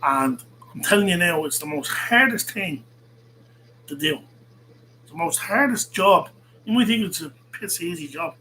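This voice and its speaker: A man's voice: high-pitched, expressive, moderate pace, pauses often, sharp tone, a little hiss or hum, poor audio. A man hosting a podcast, delivering a heated, profane rant and repeating himself as he goes. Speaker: podcast host. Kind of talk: angry ranting monologue.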